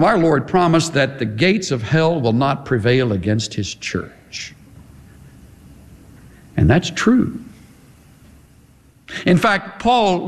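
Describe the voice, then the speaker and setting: A man preaching a sermon, impassioned and emphatic, with repeated staccato phrases and swings between quiet low passages and high forceful ones. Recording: long hall reverb.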